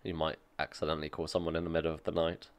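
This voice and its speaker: Low-voiced man doing casual tech commentary. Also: monotone, rapid-fire. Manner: reads aloud and comments offhandedly, dry jokes. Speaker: tech streamer reacting to an article.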